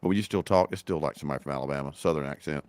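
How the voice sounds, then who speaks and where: A man with a very low voice talks enthusiastically in a relaxed podcast conversation. He repeats words as he searches for them and leans on fillers. The recording is dry and close. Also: racing, clear, resonant tone, no echo. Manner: enthusiastic, repeats words, many likes and you knows. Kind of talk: casual podcast chat.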